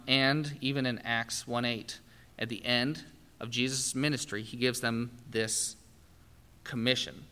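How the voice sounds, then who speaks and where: A man's voice: medium pitch, bright, forceful tone. A man preaching a sermon, telling the story with animation and acting out the quoted speech. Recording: long hall reverb.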